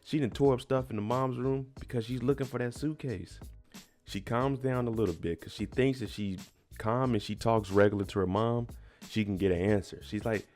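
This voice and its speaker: A man's voice: medium pitch, steady tone, moderate pace, darkish tone, faint music behind. A man casually recapping a TV episode, retelling it emphatically with slang. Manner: chatty, emphatic retelling with slang and little laughs. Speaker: TV recap host.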